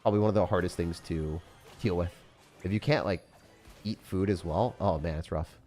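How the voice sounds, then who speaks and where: A man streaming gameplay, chatting casually with viewers in a slangy way, with sudden loud excited outbursts. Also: deep voice, moderate pace, faint music behind. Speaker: gaming streamer.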